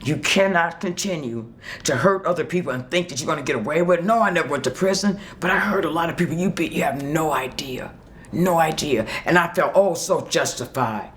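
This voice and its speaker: A woman's voice: low voice, expressive, fairly quick. A woman tells her own story of turning her life around. She is emphatic and heartfelt, breaks into laughter often, and plays out the things she once said. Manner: vivid storyteller who acts out her own past words. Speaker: employee sharing a success story. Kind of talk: personal testimonial.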